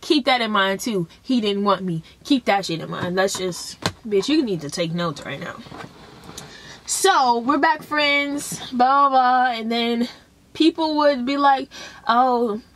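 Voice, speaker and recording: Young woman, high bright voice, casual storytime vlog, profane and animated, acts out the quotes. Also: measured pace, slight background noise. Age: young adult. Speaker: vlogger telling a story.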